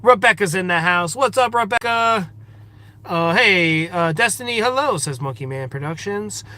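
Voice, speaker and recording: A man with a high, bright voice hosts a casual livestream from outdoors in a forest. He reads viewer comments aloud and greets each person by name. His voice stays high and bright throughout. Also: expressive, moderate pace. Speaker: livestream host.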